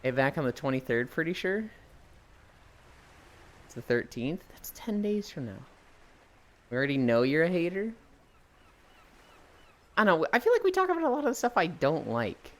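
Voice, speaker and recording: Animated, rambling male streamer. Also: a little high, normal speed, long pauses. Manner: talks while exercising on a walking stream. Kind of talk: casual live-stream chat.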